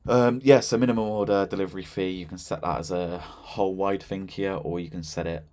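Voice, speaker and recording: A man with a notably deep, low-pitched voice talks through a software demo in an easy, conversational way. He fills gaps with "um" and "so yeah" and never sounds scripted. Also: brisk. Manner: relaxed and chatty, with frequent fillers and "so yeah". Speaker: software demonstrator. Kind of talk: casual screen-share product walkthrough.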